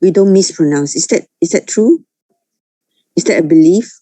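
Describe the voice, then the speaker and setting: A woman's voice: on the low side, moderate pace, mellow, dry recording. Hesitant woman student, dry sound. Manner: hesitant, restarts often. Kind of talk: asking a question in class.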